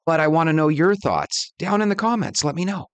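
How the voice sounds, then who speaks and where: A man's voice: fairly high pitch, expressive, a little fast, clean tone, dry recording. A man hosting a talk channel, introducing clips and commenting in a friendly, conversational way. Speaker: host. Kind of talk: casual commentary.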